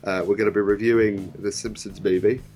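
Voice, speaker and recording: A man's voice: lowish voice, little pitch movement, a little fast, a little mellow, soft background music. A man co-hosting a casual podcast, rambling and hesitant with many ums. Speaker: podcast co-host.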